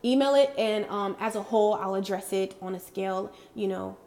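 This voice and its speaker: A woman's voice: medium pitch, moderate pace, a little mellow. A woman vlogger giving a casual, bubbly spiritual pep talk to her viewers, slangy and affectionate, laughing often. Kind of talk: casual motivational talk to camera.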